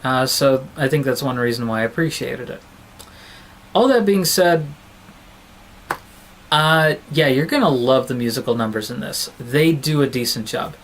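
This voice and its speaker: A man's voice: mid-range voice, normal speed, long pauses, a little hiss or hum, poor audio. A man giving a casual film review on his vlog, talking in a rambling, digressive, chatty way.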